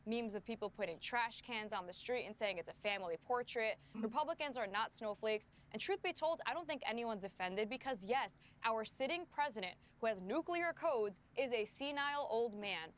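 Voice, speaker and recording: A woman argues her point firmly in a televised debate, with a slightly raised pitch. Her delivery is emphatic and steady. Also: moderate pace, hardly any pauses. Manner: firm, emphatic. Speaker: political commentator guest.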